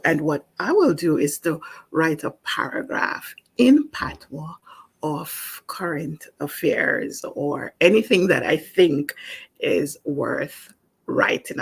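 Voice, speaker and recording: A woman from Jamaica teaching a spoken language lesson in a calm, explanatory way, with small restarts. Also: low-pitched, gravelly, breathy edge.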